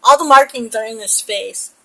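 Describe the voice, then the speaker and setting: Chatty bright-voiced middle-aged woman. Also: on the high side, moderate pace, rough recording. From United States. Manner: chatty, rambling, laughs often. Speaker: pet portrait artist. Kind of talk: casual chat while painting.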